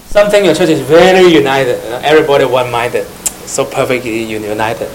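A man's voice: medium pitch, a little fast, a little hiss or hum, low-quality recording. A man with preaching a sermon to young church members, repeating phrases, questioning the audience and adding teasing asides.

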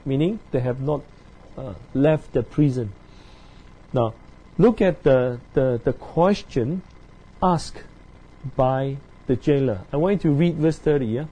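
A man teaching through a Bible passage verse by verse. He talks haltingly, with many fillers, and keeps checking in with his listeners through tag questions. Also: medium pitch, lively intonation, warm tone, breathy edge, low-quality recording. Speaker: preacher.

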